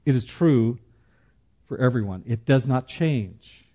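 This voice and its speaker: A man leads a church study class in a relaxed, plain-spoken way. His voice is warm and mellow at a middle pitch. He slows down for emphasis and slips in jokes along the way. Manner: plain-spoken, joking asides, slow emphatic pauses. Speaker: Bible study teacher. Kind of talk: conversational church teaching.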